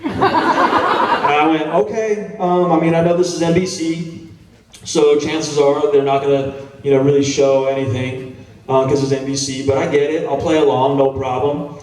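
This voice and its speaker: A man's voice: a little high, moderate pace, distant mic, slight background noise. Laid-back man talking in an echoey hall. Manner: laid-back, chatty, self-deprecating, swears casually. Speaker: actor answering fan questions on a panel. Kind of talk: casual storytelling Q&A. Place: large convention hall. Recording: echoey hall, mic picked up from afar.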